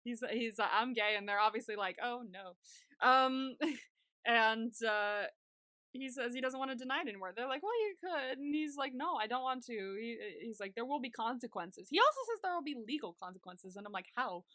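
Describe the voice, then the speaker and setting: A high-pitched woman with a bright, clear tone co-hosts a podcast in casual chat. She giggles often and slips into quick impressions of the characters she describes. Her voice sounds close and dry, with no room around it. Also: dry recording. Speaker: podcast co-host.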